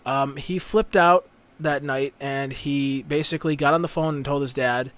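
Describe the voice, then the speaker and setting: A man's voice: medium pitch, steady tone, normal speed, fairly bright tone. A man hosting a casual podcast, telling a crude, rambling, profanity-heavy story. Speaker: podcast host.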